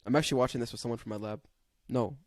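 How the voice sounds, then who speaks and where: A man's voice: medium pitch, very fast, a little mellow, no echo, studio quality. A young man co-hosting a casual sports podcast, laid-back and slangy. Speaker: podcast co-host. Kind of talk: casual chat.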